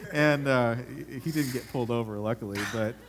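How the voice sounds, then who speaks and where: A man's voice: mid-range voice, normal speed, noisy background. A middle-aged man preaching a conversational sermon in a church hall, telling family stories and laughing often. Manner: animated storyteller, acts out voices, laughs often. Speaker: pastor.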